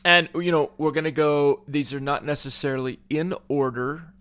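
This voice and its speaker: A man co-hosting a finance podcast in casual chat, upbeat and agreeable, often chiming in with quick yeahs. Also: fairly high pitch, steady tone, fairly bright tone. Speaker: podcast co-host, financial advisor.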